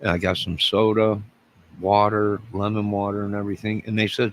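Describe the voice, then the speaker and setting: In this solo vlog, a man who runs his own YouTube channel speaks at normal speed with a fairly low, slightly bright voice and fairly even intonation. He digresses and keeps restarting, and the recording quality is poor.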